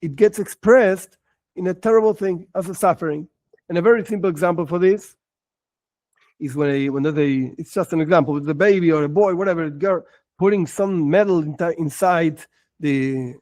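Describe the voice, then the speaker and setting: A man's voice: on the high side, normal speed, a little mellow, dry recording. A man, a rabbi, giving an earnest religious lesson, explaining ideas simply and acting out short scenes with bursts of raised voice. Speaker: rabbi teaching a class.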